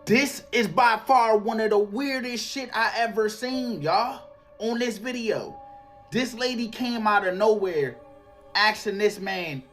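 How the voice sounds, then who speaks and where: A man's voice: sits high, a bit bright. Slangy man reacting to a clip. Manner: slangy, exclaiming, addresses viewers as y'all. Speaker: reaction video host. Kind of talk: casual commentary on a clip.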